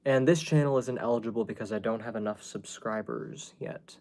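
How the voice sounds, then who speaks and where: A man's voice: on the low side, brisk, darkish tone. A man hosting a casual livestream from home, rambling to his viewers with many fillers and restarts. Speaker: YouTube livestream host.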